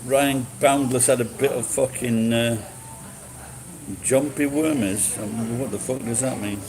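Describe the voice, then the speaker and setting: A man's voice: mid-range voice, fairly even intonation, measured pace, a crowd in the background, rough recording. A man chatting casually, rambling and swearing, with frequent restarts. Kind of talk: casual chat.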